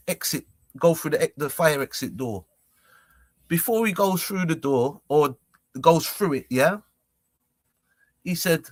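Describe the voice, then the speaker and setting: A man's voice: fairly high pitch, measured pace, pauses often, no room sound. A young man tells a story casually, acting out a heated argument with lots of repeats and quoted lines. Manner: animated, repetitive, acts out confrontations. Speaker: vlogger.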